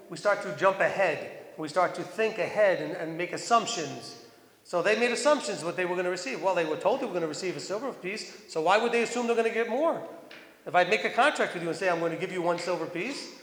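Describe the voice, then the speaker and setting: A man with a high voice preaches to a congregation in a relaxed, talkative way, reading verses aloud and turning to his listeners with questions. His voice rings out across a large hall with a long echo. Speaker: teacher of a congregation. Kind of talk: sermon. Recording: echoey hall.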